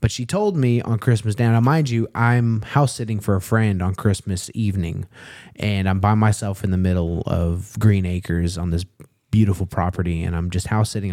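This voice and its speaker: A young man in his twenties speaks in a low, warm, mellow voice. He talks openly and emotionally in a relaxed conversation, and he slows down when the story gets painful. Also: no echo, clean studio sound. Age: 20s. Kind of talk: casual heartfelt conversation.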